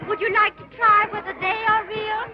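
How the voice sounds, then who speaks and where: Playful young lady, high lively voice, loud crowd, muffled old film. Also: moderate pace. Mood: teasing. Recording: dull 1930s film soundtrack with crowd.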